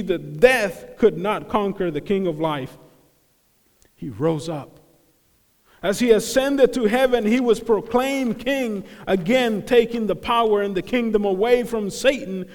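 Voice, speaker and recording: A man preaching a sermon, animated, acting out the crowd's voices and dropping to hushed tones. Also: sits high, long reverb tail. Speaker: pastor.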